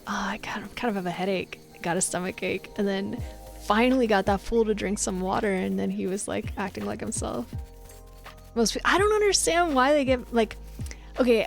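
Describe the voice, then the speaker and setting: Chatty young woman with a gravelly edge. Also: on the high side. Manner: chatty, bossy, laughs often, quotes people in voices. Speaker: Twitch streamer. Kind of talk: casual chat with live chat.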